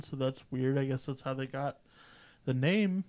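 A man's voice: medium pitch, steady tone, unhurried. A man co-hosting a podcast, chatting about a film in a laid-back, blunt and profane way. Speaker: podcast co-host. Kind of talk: casual movie discussion.

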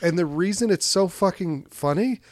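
A man's voice: high voice, moderate pace, no echo, clean studio sound. A man co-hosting a podcast, casually recapping a movie with crude jokes and frequent laughter. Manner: laughs often, animated retelling with crude jokes. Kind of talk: casual chat.

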